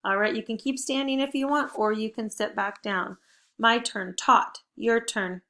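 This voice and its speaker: A woman teaching a spelling lesson to young children, speaking slowly and clearly, upbeat and encouraging. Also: on the high side, steady tone, a bit bright. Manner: slow, deliberate word-by-word modeling.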